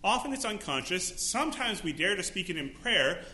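A man's voice: sits high, sing-song, normal speed, bright, forceful tone, echoey room. A male pastor preaching a sermon, acting out quotes with dramatic voices. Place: church sanctuary.

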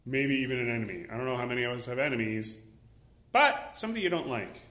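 Animated preacher man in an echoey room. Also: mid-range voice, quick pace. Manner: animated, acts out voices and exclaims. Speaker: pastor. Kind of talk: sermon.

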